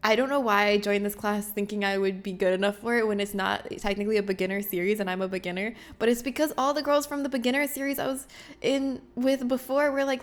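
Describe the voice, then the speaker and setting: A young woman hosting a livestream, chatting with her viewers in a bubbly, self-mocking way and laughing often. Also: medium pitch. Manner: reads chat messages aloud. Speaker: livestream host. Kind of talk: casual chat with chat readers.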